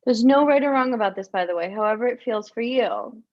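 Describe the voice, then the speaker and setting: Woman love coach, slightly high voice, soft encouraging guided visualization, muffled lo-fi stream. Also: lively intonation. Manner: soft, encouraging, with gasps and drawn-out sighs; repeats words for emphasis. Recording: dull lo-fi stream audio.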